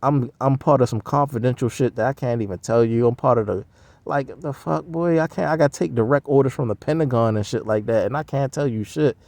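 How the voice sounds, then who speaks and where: A man's voice: medium pitch, brisk, darkish tone, no echo. A man rambling in a profane, slangy casual monologue. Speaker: vlogger.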